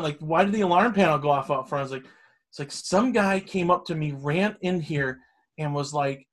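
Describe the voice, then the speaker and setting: Man, middle-aged, casual storytelling, rambling, cursing, slightly high voice. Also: moderate pace, a bit bright. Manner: rambling storytelling, swears freely. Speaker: storyteller guest. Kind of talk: casual chat.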